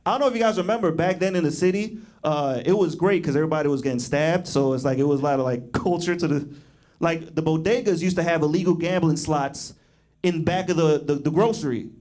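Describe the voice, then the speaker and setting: A man's voice: a little high, fairly quick, a little mellow. A young man doing stand-up comedy, rambling and laughing at his own jokes.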